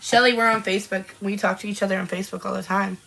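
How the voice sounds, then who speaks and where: A woman in her forties from Washington State chats on a live-streamed podcast and reads out viewer comments. Her voice is bright and forward, with a gravelly fry. She greets people by name and laughs often. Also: mid-range voice, fairly even intonation, rapid-fire, low-quality recording. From Washington State, USA. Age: 40s. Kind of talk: casual chat reading out live comments.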